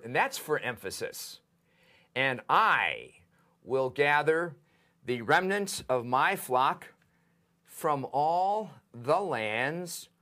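A man teaching a seminary lesson, translating a Hebrew text word by word in a deliberate, methodical way. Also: medium pitch, sharp tone. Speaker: seminary professor. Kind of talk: lecture on biblical Hebrew.

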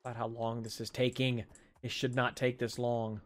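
A man's voice: medium pitch, flat delivery, moderate pace. A man casually commenting as he plays a video game, chatting to himself and to the animals on screen, with a sore jaw from dental work. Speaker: gaming channel host. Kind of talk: casual let's play commentary.

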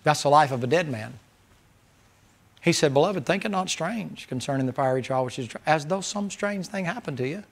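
A man's voice: fairly high pitch, expressive, moderate pace. Folksy preacher man. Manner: folksy, preacherly, swings between loud and hushed. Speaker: pastor. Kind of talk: sermon.

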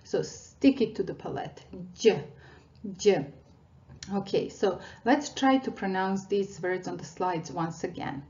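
A woman teaching a language lesson, patiently explaining mouth positions and demonstrating sounds slowly. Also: medium pitch, lively intonation, mellow, highs cut off.

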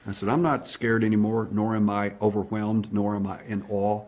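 Husky-voiced male investigator recounting a case with lively, acted-out dialogue. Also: fairly low pitch, normal speed, dull audio. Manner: animated, acts out dialogue. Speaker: alien abduction investigator. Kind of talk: storytelling monologue.

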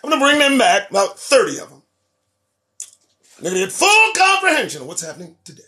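A man hosts his own show with a high, animated voice that leaps around in pitch. He talks in a preachy, profane political monologue, swinging from loud emphasis to low, muttered asides. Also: fast talker. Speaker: host.

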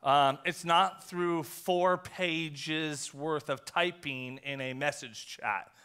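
A male pastor giving a conversational sermon, telling a story with quick acted asides. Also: on the high side, steady tone, pushed and bright, clear, resonant tone. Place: church sanctuary.

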